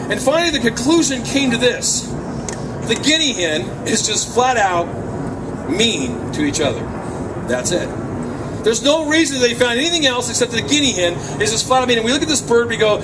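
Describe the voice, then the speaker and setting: A man's voice: very high voice, moderate pace. A man giving a youth talk to kids at a camp, telling stories and acting out voices. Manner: animated storyteller acting out voices. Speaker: camp speaker. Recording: distant camcorder mic with faint room noise.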